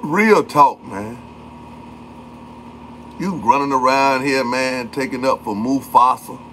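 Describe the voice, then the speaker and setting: A man's voice: medium pitch, slow, a bit bright, slight background noise. A man hosting a livestream in casual chat, talking in loose slang and calling out viewers by name. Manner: loose slangy talk, greets and calls out chatters by name. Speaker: livestream host.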